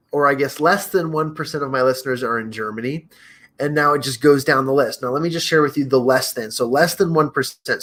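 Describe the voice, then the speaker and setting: A man speaks casually as the host of his own podcast, addressing his listeners directly. He trips over unfamiliar names and laughs at his own slips. His voice sits at an ordinary middle pitch. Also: a bit bright. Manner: chatty, stumbles over names, laughs at himself. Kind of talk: casual solo talk to listeners.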